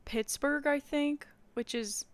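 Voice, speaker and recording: A woman with a Midwestern American accent co-hosting a podcast, chatting in a relaxed, easygoing way. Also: high voice, takes it slowly, dry recording. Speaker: podcast co-host. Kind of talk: casual chat.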